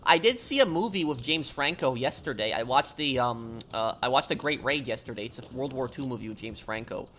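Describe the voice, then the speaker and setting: A man's voice: medium pitch, lively intonation, a little fast, hardly any pauses, fairly bright tone, slight background noise. A man streaming a video game, chatting casually and rambling through answers to viewers' questions. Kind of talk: casual live-stream chat while gaming.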